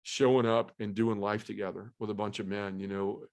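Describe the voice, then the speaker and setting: A middle-aged man speaks as a podcast guest, sharing a personal testimony with deep earnestness. His voice sits low, and he often restarts his sentences as feeling carries him along. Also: level tone, fairly quick, a little mellow. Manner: earnest, heartfelt storytelling with restarts.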